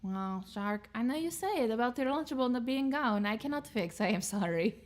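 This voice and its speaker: Woman doing a goblin cowpoke, put-on southern drawl, broken english, bouncy swooping pitch. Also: expressive, close to an everyday voice. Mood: apologetic. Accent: put-on American Southern. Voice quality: drawn-out, broken grammar.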